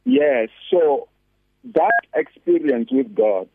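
A man's voice: on the high side, huge pitch swings, slow, vocal fry, husky, no echo. A man, a pastor and guest on a radio talk show, preaching earnestly and repeating scripture lines for emphasis over a phone line. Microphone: phone call-in.

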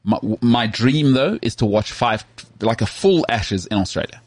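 Telling animated, joking stories while co-hosting a sports podcast, this man has a medium-pitched, slightly rough voice and a moderate pace. The banter is casual, peppered with "mate" and laughter, and the recording has no room sound.

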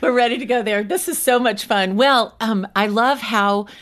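Lively middle-aged woman telling faith stories. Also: a little high, normal speed. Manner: animated, laughs often, acts out quoted lines. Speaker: guest. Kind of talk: faith-based storytelling in conversation.

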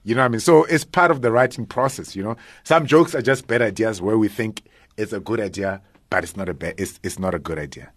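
Animated comedian, dry studio. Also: male voice, on the low side, quick pace, dry recording. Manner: animated, laughs often, acts out jokes. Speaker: stand-up comedian guest. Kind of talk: casual radio interview. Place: radio studio.

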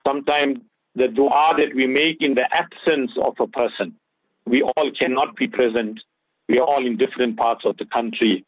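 A man's voice: medium pitch, fairly even intonation, moderate pace, no room sound. A man giving impassioned Islamic advice on a radio talk show, mixing English with Urdu and Arabic phrases. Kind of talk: earnest religious talk on radio. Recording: dull lo-fi radio audio.

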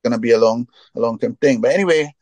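A man's voice: medium pitch, quick pace, darkish tone, dry recording. Easygoing storytelling man, dry sound. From Trinidad. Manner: rambling, frequent "you know" fillers, laughs while telling stories. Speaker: interview guest, reggae singer. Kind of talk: casual storytelling interview.

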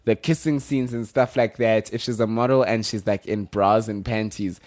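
Young South African man co-host, relaxed and jokey, casual conversational delivery. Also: lowish voice, normal speed. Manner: joking and easygoing, switches between English and Zulu. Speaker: podcast co-host. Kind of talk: casual chat.

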